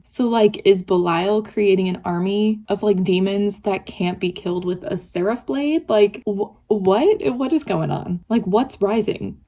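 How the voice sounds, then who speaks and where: A woman's voice: mid-range voice, unhurried, few pauses, dark tone. A young woman vlogging her reactions while reading, chatty and emotional, tearful and laughing often. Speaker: book vlogger. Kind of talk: casual reading vlog reactions.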